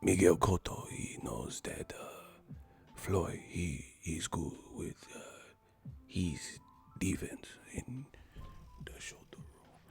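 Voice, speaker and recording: A man whispering as a flat, emotionless boxer. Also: low-pitched, gravelly, faint music behind, pitched below the performer's own voice, exaggerated voice. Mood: hushed. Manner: slow, hushed, halting mumble. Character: soft-spoken male boxer, flat and emotionless. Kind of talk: whispered role-play.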